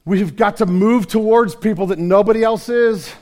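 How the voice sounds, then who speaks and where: Passionate folksy male preacher, slightly high voice. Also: moderate pace. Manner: passionate, swings between hushed and loud; folksy, conversational. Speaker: pastor. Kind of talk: sermon.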